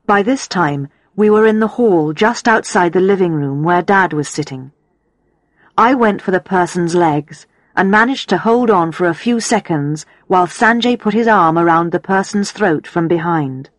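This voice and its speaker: A woman narrating a story in a steady storytelling manner. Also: lowish voice, no echo. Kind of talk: audiobook narration.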